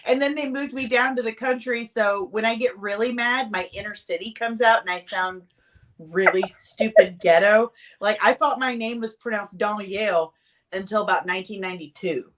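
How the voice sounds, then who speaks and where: A woman's voice: mid-range voice, moderate pace. Blunt Midwestern woman in her forties. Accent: Midwestern American. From Missouri, United States. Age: 40s. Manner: blunt and frank, swears freely. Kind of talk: casual chat.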